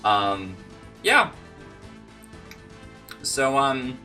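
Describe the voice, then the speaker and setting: A man's voice: on the low side, moderate pace, long pauses, sharp tone, faint music behind. A young man hosting his own channel, rambling and self-deprecating in a casual chat while snacking on candy. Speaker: channel host.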